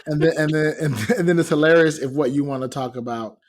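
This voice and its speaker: A man's voice: fairly high pitch, fast talker. A man co-hosting a podcast, chatting casually and laughing often as he jokes around. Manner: laughs often, playful, trails off. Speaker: podcast co-host.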